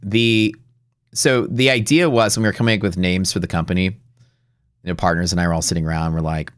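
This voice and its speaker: A man's voice: low-pitched, fairly even intonation, a little fast, fairly bright tone, smooth, no room sound, clean studio sound. A middle-aged man hosting a live day-trading stream, telling a story in a blunt, profane, rambling way with many restarts.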